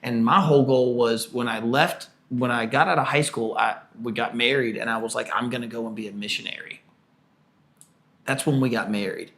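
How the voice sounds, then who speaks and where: A man in his early forties, a podcast co-host, telling a work story in a casual, animated way and acting out the people in it. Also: medium pitch, a little fast. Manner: animated storyteller, acts out quoted people loudly.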